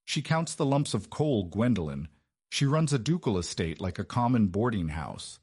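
A man voicing a sharp, scornful sister-in-law who grows shrill when cornered. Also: big pitch swings, normal speed, husky, full character voice.

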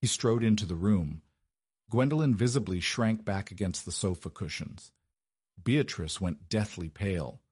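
A man narrating a period romance story in a measured, dramatic way. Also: fairly low pitch, darkish tone, slightly rough, no echo, studio quality. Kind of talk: scripted narration.

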